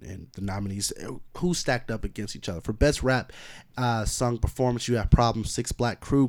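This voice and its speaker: A man co-hosting a casual chat, talking through award nominees in relaxed slang with frequent restarts. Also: lowish voice. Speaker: co-host.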